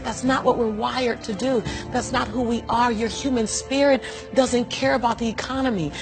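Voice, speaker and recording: A middle-aged woman telling her life story as an interview guest, emphatic and preacherly, often breaking into laughter. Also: on the high side. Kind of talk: animated personal storytelling.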